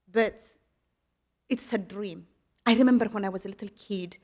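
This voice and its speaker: Middle-aged Ethiopian-accented woman at a podium, earnest halting testimony, mid-pitched, shifts between hushed and loud. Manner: halting, earnest storytelling in non-native English, swinging between soft and loud. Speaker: guest speaker at an awards ceremony. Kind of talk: personal testimony speech. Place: county board chambers.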